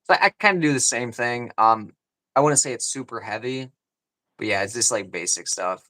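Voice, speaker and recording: Guy rambling on a chill podcast, repeats himself a lot, mid-pitched everyday voice. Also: moderate pace, pushed and bright. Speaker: podcast co-host. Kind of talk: casual chat.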